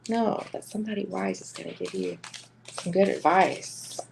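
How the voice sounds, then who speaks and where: A woman's voice: medium pitch, very animated, normal speed, creaky, darkish tone, slight background noise. A woman with a Southern US accent giving a chatty live-streamed tarot reading, laughing often between cards. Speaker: tarot reader.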